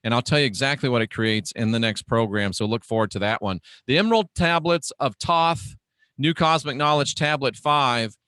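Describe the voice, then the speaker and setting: A man's voice: mid-range voice, moderate pace, fairly bright tone, clean tone, dry recording. A middle-aged man hosting a casual spiritual livestream from his home studio, earnest and effusive, repeating his phrases. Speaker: host.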